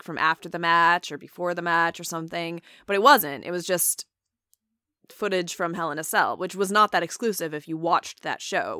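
A woman's voice: on the low side, bright, forceful tone, no echo, studio quality. A young adult woman co-hosting a casual chat show, talking in a wry, chatty way with lots of asides. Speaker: podcast co-host. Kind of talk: casual chat reviewing wrestling.

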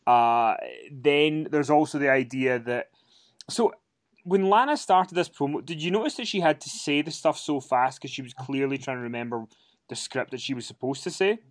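A man co-hosting a podcast, animated and prompting his partner with questions. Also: mid-range voice, moderate pace, no echo, studio quality. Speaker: podcast co-host. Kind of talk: casual chat.

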